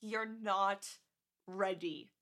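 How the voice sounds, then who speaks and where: A young woman co-hosting a podcast in casual chat, gushing about a movie and acting out lines. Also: drawn-out words. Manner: gushing, animated, acts out movie lines in high voices. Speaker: podcast co-host.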